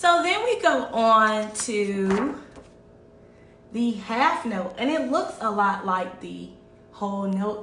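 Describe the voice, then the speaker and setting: A woman's voice: mid-range voice, fairly bright tone, distant mic, a little hiss or hum. A woman teaching a children's music lesson online, patient, checking in often with "all right?". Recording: echoey room, voice away from mic.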